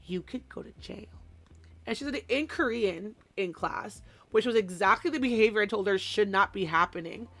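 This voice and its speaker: A young woman who teaches small children, chatting casually and telling an animated story while she does a craft on a live stream. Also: medium pitch, brisk, hardly any pauses. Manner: animated storytelling, mimics voices, chatty asides. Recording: soft background music.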